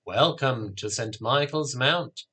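A man voicing an ancient, kindly wizard who speaks quietly and calmly. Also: medium pitch. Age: older. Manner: quiet, unhurried, reassuring. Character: ancient wise male wizard, calm and kindly.

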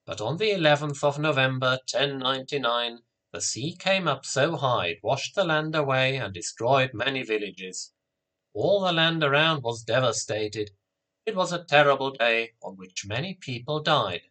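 A man voicing an ancient, kindly wizard who speaks quietly and calmly. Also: medium pitch. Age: older. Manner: quiet, unhurried, reassuring. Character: ancient wise male wizard, calm and kindly.

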